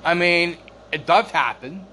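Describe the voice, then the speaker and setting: A man's voice: a little high, a little slow, pushed and bright, slight background noise. A man ranting about a long-distance relationship in a rambling, exasperated way, swearing and repeating himself, with a cough now and then. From United States. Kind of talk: casual storytelling rant.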